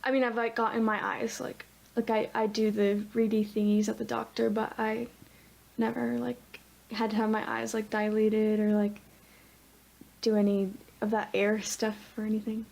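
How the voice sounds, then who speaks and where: A woman's voice: mid-range voice, completely flat delivery, normal speed, creaky, darkish tone. A young woman co-hosting a podcast in easygoing, rambling casual chat. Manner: easygoing, laughs often, rambling. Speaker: podcast co-host.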